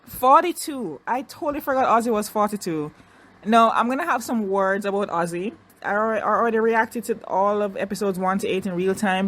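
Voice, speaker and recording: Chatty woman recapping reality TV. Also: mid-range voice. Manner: chatty, animated, restarts and asides, mocking impressions. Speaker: reality TV reviewer. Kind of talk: casual recap commentary.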